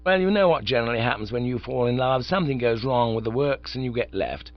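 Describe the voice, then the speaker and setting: A man's voice: mid-range voice, animated, fast talker, no room sound, lightly acted. A man voicing a breezy, easily flustered young upper-class idler who sounds exasperated, in a dull, dry recording.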